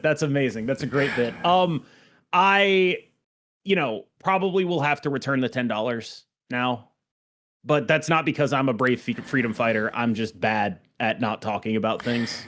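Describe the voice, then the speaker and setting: A man's voice: mid-range voice, expressive, normal speed, fairly bright tone. A man co-hosting a podcast in casual chat, rambling and joking, often breaking into laughter. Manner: jokey, rambling, laughs at bits. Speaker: podcast co-host.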